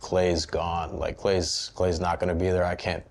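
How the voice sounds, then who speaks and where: A young man in his twenties, a baseball player, speaking haltingly with many fillers in a documentary interview. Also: low voice, monotone, vocal fry, a little hiss or hum.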